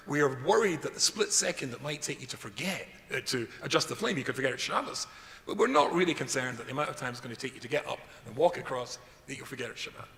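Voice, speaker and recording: A middle-aged man, a rabbi, gives a humorous lecture packed with stories, joking at his own expense. His voice is medium in pitch, bright and forceful. The recording comes from a reverberant hall with faint background noise.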